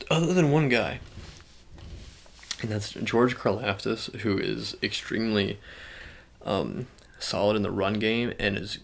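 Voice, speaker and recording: A young man talks low and soft for an ASMR video, his voice gravelly with fry as he rambles through casual chat, full of fillers and restarts. Faint clicking sounds sit underneath him. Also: a little hiss or hum. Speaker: ASMR channel host. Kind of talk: soft-spoken ASMR sports talk.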